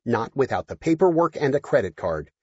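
A stiff, pedantic robot cook who insists on rules , read by a man narrating. He speaks a bit higher than the narrator, in a slightly husky voice. The recording is dry. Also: very animated, brisk, dry recording, muffled recording. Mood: officious. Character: fussy, officious male robot cook.

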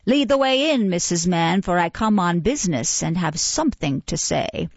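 Woman reading as a pompous beadle, slow and oratorical, self-important, dull dry sound. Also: on the low side, animated, dry recording. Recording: dull, muffled, dry recording.

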